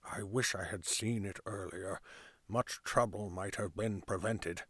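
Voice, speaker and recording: A man's voice: mid-range voice, animated, measured pace, no room sound, close to an everyday voice. A man reading as a grave, stern town constable. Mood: hushed. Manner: grave, formal, clipped orders. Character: stern male town constable, secretly helpful.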